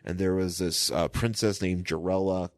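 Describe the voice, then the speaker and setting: A man's voice: sits low, fairly even intonation, moderate pace, no echo, studio quality. A man co-hosting a podcast, chatting casually about comics in a rambling, sweary way. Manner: rambling, many restarts, sweary. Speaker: podcast co-host.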